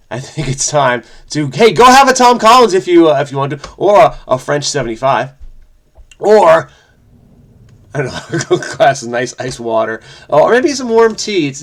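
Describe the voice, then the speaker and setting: A man's voice: mid-range voice, a bit bright. A man hosting a crossword video, chatting in a frenetic, rambling way and often interrupting himself. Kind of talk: casual solo commentary.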